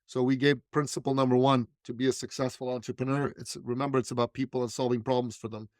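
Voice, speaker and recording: A man's voice: medium pitch, level tone, quick pace, no echo, studio quality. A man, a business coach and speaker, telling stories emphatically with punchy repetition as an interview guest. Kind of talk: animated storytelling in conversation.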